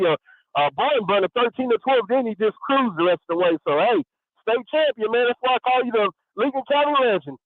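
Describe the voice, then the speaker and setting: A man's voice: extremely high pitch, no room sound. A male caller, ranting heatedly on a sports radio call-in. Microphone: phone. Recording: tinny dry phone line.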